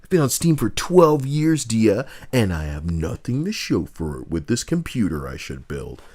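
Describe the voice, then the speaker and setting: A man live-streaming with a co-host, talking casually, animated, swinging from loud outbursts to muttering and swearing often. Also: fairly low pitch, moderate pace, slightly rough.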